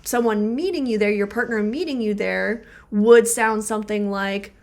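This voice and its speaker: A woman's voice: medium pitch, moderate pace, a little mellow. A woman co-hosting a relationship podcast as a therapist, explaining ideas through everyday examples with lots of filler words. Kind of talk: casual podcast conversation.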